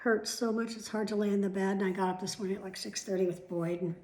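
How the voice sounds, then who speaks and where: A woman's voice: medium pitch, flat delivery, fast talker, mellow. A middle-aged woman vlogging at home, chatting casually to the camera with rambling asides and the odd swear word. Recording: echoey room.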